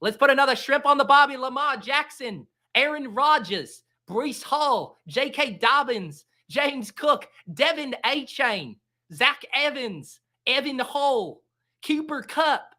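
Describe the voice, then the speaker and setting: A man's voice: very high voice, animated, slow, pushed and bright, pitched above the performer's own voice, heavily acted. A man putting on an exaggerated Australian-bloke voice, reading out a list in a sing-song, over-the-top way. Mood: hammy.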